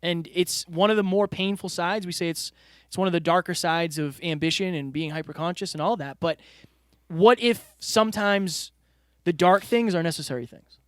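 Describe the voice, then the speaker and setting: A man with a high voice co-hosts a casual podcast chat, earnest and reflective, turning to his listeners as he talks. The sound is dry and close, with no room echo. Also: normal speed. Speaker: podcast co-host. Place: studio room with a whiteboard.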